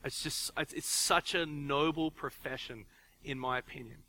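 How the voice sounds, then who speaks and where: A man in his forties delivers a sermon in a relaxed, talky way, stumbling over and repeating his words as he goes. His voice sits a little high for a man and rings bright and forceful. He slips into little acted-out quotes of parents talking to their kids. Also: moderate pace, a little hiss or hum, poor audio. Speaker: pastor.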